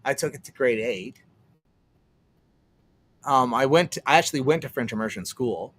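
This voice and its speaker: A man's voice: medium pitch, lively intonation, moderate pace, a bit bright. A young man from Canada rambling casually on a livestream, swearing often and restarting his sentences. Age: young adult. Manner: rambling, profane, trails off and restarts. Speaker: streamer.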